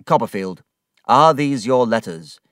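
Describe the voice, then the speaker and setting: A man's voice: mid-range voice, expressive, a little slow, clean tone, dry recording, clean studio sound, voice pushed up, close to an everyday voice. A man voicing a stern, angry older employer who speaks in a formal, accusing way in a storybook reading.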